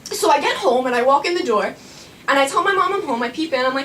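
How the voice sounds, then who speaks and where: Live on stage in a small performing arts studio, a young woman tells a nervous, rambling, self-mocking story. Her high, expressive voice is fast and fairly bright. It's picked up from a distance, with faint room noise.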